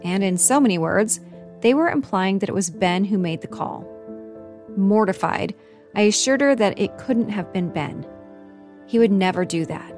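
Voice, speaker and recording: A woman tells her own story in a measured, earnest scripted narration, her voice sitting at an ordinary middle pitch. Soft music plays faintly underneath. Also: lively intonation.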